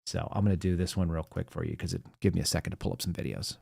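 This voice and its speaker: A man's voice: low voice, fairly even intonation, very fast, vocal fry, over loud music. A man hosting a call-in show, chatting in a loose, offhand way as he signs off. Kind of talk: casual sign-off chat.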